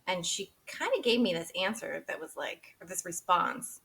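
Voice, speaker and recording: A woman in her thirties speaks as a podcast interview guest and shares a personal story. Her voice sits a little low for a woman, yet it sounds bright and forward. She talks candidly and with feeling, laughs easily, and acts out what she and others said. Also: very animated, moderate pace, gravelly. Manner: candid and emotional, laughing often, quoting herself and others.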